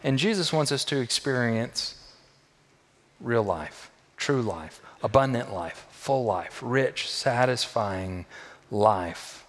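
A man's voice: animated, slow pace. Preaching man in a reverberant hall. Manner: emphatic, builds to loud high peaks then drops low and soft; repeats phrases for emphasis. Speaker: pastor. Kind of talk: sermon.

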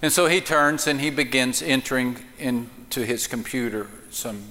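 A man preaching a sermon in a church, telling a joke with voices and then speaking slowly and emphatically. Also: mid-range voice, sharp tone. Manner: acts out the joke's voices, slow emphatic preaching. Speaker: pastor. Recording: reverberant church hall.

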